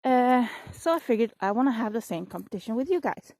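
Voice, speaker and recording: A woman's voice: on the high side, lively intonation, a little fast, a little mellow, no room sound, poor audio. A woman chatting casually to her viewers in a vlog, rambling and apologizing with laughs while she walks her dog, filming on a handheld phone outdoors by a frozen river. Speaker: vlogger. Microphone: phone held in hand while walking a dog. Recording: windy outdoor phone recording.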